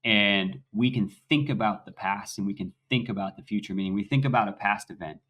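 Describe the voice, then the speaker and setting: Animated young man telling his story. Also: brisk. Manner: animated storyteller, swings loud and high when excited. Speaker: podcast guest. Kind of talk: conversational interview.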